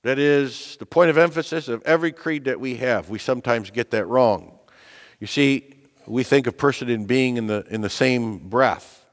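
A man preaching a teaching sermon on a catechism, stressing key words and repeating them, his voice lifting in pitch to drive points home. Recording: long echo of a large hall.

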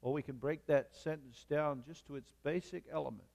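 A man's voice: on the high side, vocal fry, a little mellow. Man preaching in a reverberant church. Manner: measured preaching with emphatic repetition. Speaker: pastor. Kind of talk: sermon.

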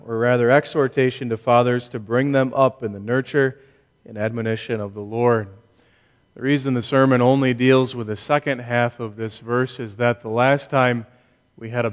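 A pastor preaching a Sunday sermon, measured and emphatic, with deliberate pauses. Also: male voice, mid-range voice. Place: church. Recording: long reverb of a church hall.

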